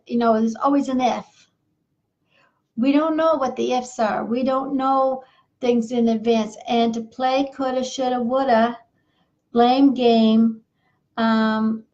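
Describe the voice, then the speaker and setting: A woman's voice: on the high side, darkish tone. Earnest woman marriage coach, dull recording. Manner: repetitive, earnest, folksy. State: losing her voice. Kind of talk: advice monologue.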